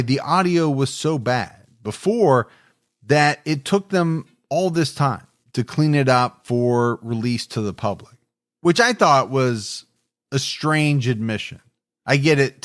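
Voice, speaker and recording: Measured man narrating true crime, dry studio sound. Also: mid-range voice, fairly bright tone, no echo. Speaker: podcast co-host.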